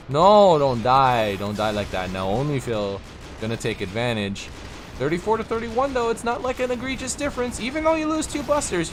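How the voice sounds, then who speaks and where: Give me a man casually commentating a game, rambling in a lively, swooping voice. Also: mid-range voice. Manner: rambling, self-interrupting, chuckles often. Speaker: streamer casting a strategy game.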